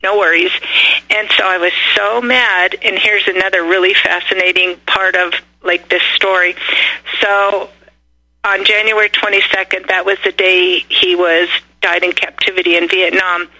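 An older woman, a radio guest calling in, telling personal stories in a blunt, animated way over a phone line. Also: lowish voice, normal speed. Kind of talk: casual storytelling.

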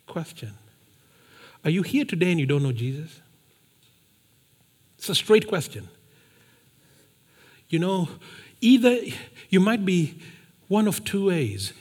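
A man's voice: on the high side, a little slow, long pauses, in a large hall. A man preaching a sermon, telling a story and stressing points by repeating phrases. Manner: emphatic, repeats phrases for effect.

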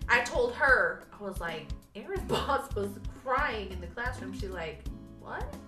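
A woman's voice: on the high side, animated, measured pace, sharp tone, reverberant, distant mic, soft background music. A woman co-hosting a casual podcast, telling stories and acting out quotes expressively. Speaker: podcast co-host. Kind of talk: casual chat.

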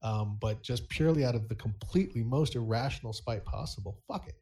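A man on a podcast panel who talks quickly in a mellow voice. His manner is wry and contrarian, and he openly admits he is being stubborn. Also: medium pitch. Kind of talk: casual chat.

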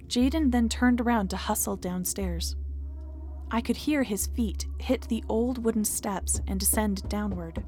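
Female host for horror narration, steady and measured, mid pitch, faint music bed. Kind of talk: scripted horror story narration.

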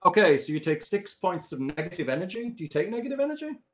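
A man's voice: high voice, very animated, fast. A man running a tabletop game as game master, joking and swearing as he reads out rules.

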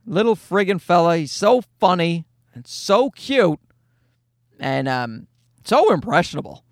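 A man's voice: high-pitched, expressive, a little slow, no echo, clean studio sound. A man in his thirties telling rambling, profane, self-deprecating stories as a podcast host. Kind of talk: casual podcast monologue.

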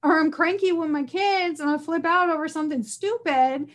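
A woman podcast host speaks in a somewhat high voice. She chats casually and puts her points in an emphatic, candid way. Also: brisk. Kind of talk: casual chat.

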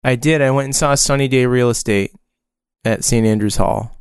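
Forties guy chatting on a podcast, smooth clear voice, dry close sound, lots of ums and uhs. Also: mid-range voice, normal speed, dry recording. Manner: rambling, chatty storytelling with frequent fillers. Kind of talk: casual chat.

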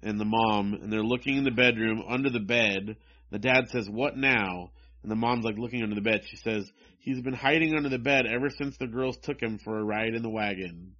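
A man's voice: on the low side, a little fast, fairly bright tone. A man co-hosting a casual chat, reading comic strips aloud in a wry, mocking way. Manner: wry, mocking, reads dialogue in raised voices. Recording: dull lo-fi sound.

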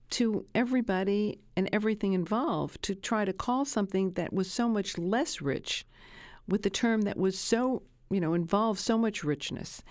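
A woman's voice: mid-range voice, a little mellow, no echo, studio quality. A woman researcher being interviewed, telling anecdotes and acting out quoted dialogue in a conversational way. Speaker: animal researcher guest.

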